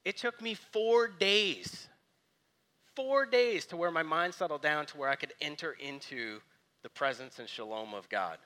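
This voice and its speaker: A man preaching a sermon, telling stories with lively energy and dropping to quiet, soft reflection. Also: fairly high pitch, measured pace. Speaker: pastor.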